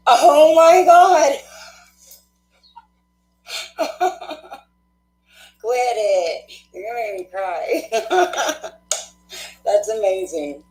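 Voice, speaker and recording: A woman hosting a live tarot stream, chatting casually with viewers, effusive and quick to laugh, thinking aloud with fillers. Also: on the low side, dark tone, echoey room, low-quality recording.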